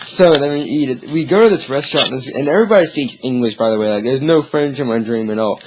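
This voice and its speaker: A man's voice: medium pitch, quick pace, a little hiss or hum. A man vlogging, telling a long story in a rambling, easily sidetracked way with chuckles. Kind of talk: casual storytelling.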